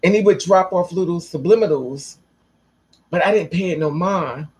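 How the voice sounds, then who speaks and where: Husky, blunt-talking storyteller woman. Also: fairly low pitch, normal speed, low-quality recording. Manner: blunt, profane, animated storyteller. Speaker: vlogger. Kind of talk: casual storytelling to camera.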